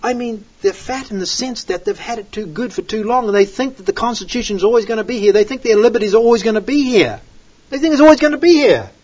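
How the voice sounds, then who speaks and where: A man preaching a Bible study with emphatic, repeated phrases, swinging between loud and soft, from outside the United States. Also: very high-pitched, animated, quick pace, breathy edge. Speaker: Bible teacher. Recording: dull lo-fi recording.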